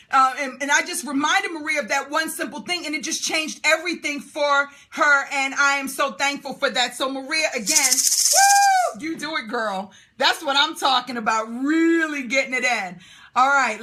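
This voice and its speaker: A woman's voice: high-pitched, bright, forceful tone. A woman hosting a live call for business owners, exuberant, cheering and whooping as she reads out comments. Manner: rapid-fire when listing questions.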